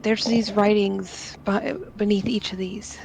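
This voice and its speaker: A woman voicing a soft, curious adventurer with a gravelly edge. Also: medium pitch, flat delivery, measured pace, background noise.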